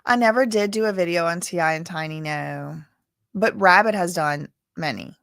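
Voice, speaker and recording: A woman's voice: lowish voice, moderate pace, creaky, a bit bright, no room sound, clean studio sound. A woman from Louisiana hosting a live stream about court cases, chatting and rambling as she talks straight to her viewers. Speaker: livestream host covering court cases. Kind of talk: casual live-stream commentary.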